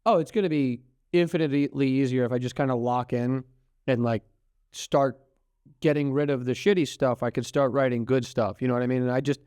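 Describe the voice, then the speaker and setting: A young man with a New York accent talks in a rambling, loose way, cursing easily and breaking into laughs. His voice sits at an ordinary middle pitch. The sound is close and dry. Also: fairly even intonation, a little fast, a little mellow, smooth, no echo. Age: 20s. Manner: rambling, swears freely, laughs often. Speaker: guest comedian. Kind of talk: casual podcast chat.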